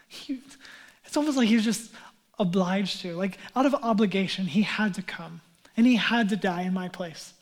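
A male pastor in his thirties giving a sermon, chatting through a family story and then building to earnest emphasis, sometimes dropping to a hushed near-whisper. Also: high-pitched, expressive, normal speed. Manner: drops to a hushed near-whisper on key lines.

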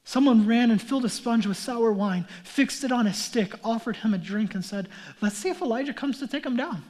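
A man with a very high voice delivers a sermon as pastor. He acts out mocking crowd voices, then drops to a hush before rising to a shout. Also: a little fast. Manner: swings from hushed whispers to shouting.

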